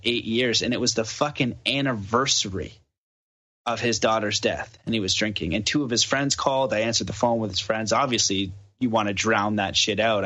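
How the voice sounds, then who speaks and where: A man from Canada, a podcast guest, casually telling a story and acting out the dialogue. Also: on the low side. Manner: animated storyteller who acts out the dialogue. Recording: dull lo-fi podcast audio.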